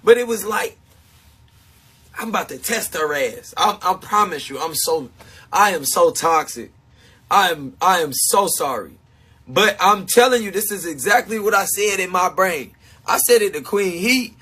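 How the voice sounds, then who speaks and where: A man livestreaming to his supporters, talking in a confessional, self-mocking way and swinging between shouting and hushed talk. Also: sits high, expressive, moderate pace, breathy edge. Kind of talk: emotional livestream monologue.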